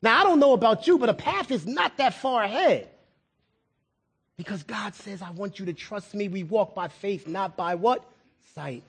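A man's voice: sits high, animated, moderate pace, creaky, husky. A middle-aged male pastor preaching a sermon in a conversational way, repeating words and asking the congregation questions.

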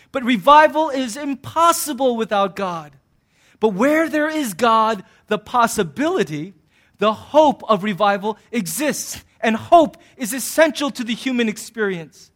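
High-voiced man preaching a lively sermon. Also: normal speed. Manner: animated, jokey, acts out voices. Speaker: pastor.

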